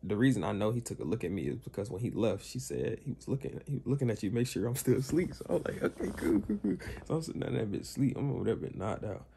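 A man's voice: lowish voice, fast, creaky, few pauses, a little hiss or hum. A young man casually telling a story to camera in heavy slang, acting out the other people's lines. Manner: animated slangy storytelling, acts out quotes. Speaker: vlogger.

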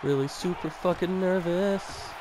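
A man playing a football video game, swearing a lot and reacting nervously and excitedly to every play. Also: high-pitched, unhurried, background noise. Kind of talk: casual gameplay commentary.

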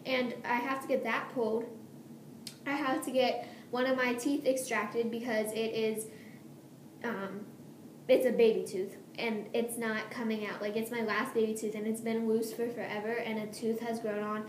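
Scatterbrained, giggly teenage girl vlogging from a room at home, somewhat high voice, roomy echo. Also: little pitch movement, normal speed. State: nervous. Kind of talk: casual rambling vlog. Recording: echoey room, faint hiss.

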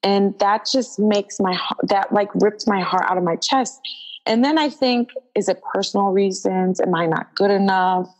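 A young adult woman, a wrestler as interview guest, telling a story in animated casual talk, acting out quoted dialogue with lots of "like" fillers. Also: mid-range voice, moderate pace, rough recording.

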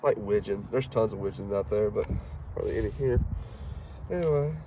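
A young man in his twenties talks with a thick Southern accent, folksy and rambling and full of fillers. His voice sits on the low side and sounds warm and mellow. He was recorded outdoors by his truck, with faint background noise. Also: moderate pace. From Mississippi. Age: 20s. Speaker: hunting guide. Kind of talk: casual talk while cleaning a duck.

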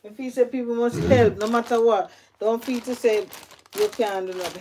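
A woman's voice: on the high side, fairly even intonation, moderate pace, darkish tone, a little hiss or hum. A middle-aged woman with a Jamaican accent, chatting casually to viewers while tending her plants, repeating herself as she talks. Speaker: gardening vlogger. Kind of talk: casual chat while gardening.

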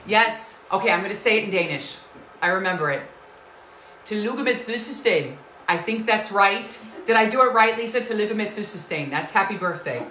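Effusive woman with a bright, forceful voice. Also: mid-range voice, a little fast, a little hiss or hum. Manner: effusive, greets viewers by name and calls them sweetheart and lovies. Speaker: home cooking show host. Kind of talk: live-stream cooking chat. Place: home kitchen. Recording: echoey kitchen.

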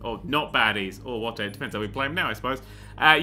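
A man's voice: a little high, fast talker, pushed and bright, faint music behind. A man hosting a let's play, giving rambling, sarcastic gaming commentary that keeps going off on tangents and casually swears. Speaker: host of a gaming channel.

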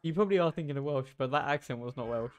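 A man's voice: mid-range voice, racing. A man chatting casually while playing a game, making dry, matter-of-fact remarks. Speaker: gamer. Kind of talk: casual gaming chat.

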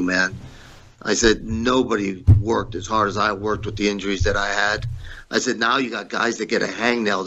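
A man's voice: fairly low pitch, sharp tone, lo-fi sound. A middle-aged man, a former pro wrestler, telling blunt, profane backstage stories in a shoot interview, acting out both sides of old arguments.

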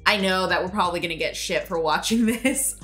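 A woman's voice: lowish voice, a little fast, a bit bright, faint music behind. A woman co-hosting a movie reaction, chatting casually, agreeable and thoughtful, backing her partner with short yeahs. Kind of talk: casual chat.

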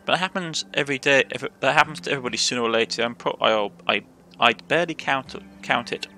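A man's voice: mid-range voice, quick pace, pushed and bright, slight background noise. A man with a Cornish accent voicing a bold, adventurous young woman who hunts monsters, talking in a chatty, reassuring way with stumbling restarts.

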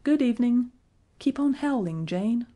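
A woman voicing a bold young boy in a storybook, loud and blustering. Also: fairly high pitch, animated, measured pace, pitched above the performer's own voice. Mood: defiant. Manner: loud and shouting.

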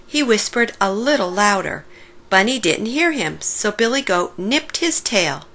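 A woman reading a children's picture book aloud, slowly and expressively. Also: mid-range voice. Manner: slow, warm-paced expressive reading. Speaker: storybook reader. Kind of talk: children's story read-aloud.

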